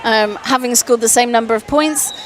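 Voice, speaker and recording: A woman giving live play-by-play commentary at a roller derby game, quick and excitable, often laughing. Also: on the high side. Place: sports arena. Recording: noisy live event background.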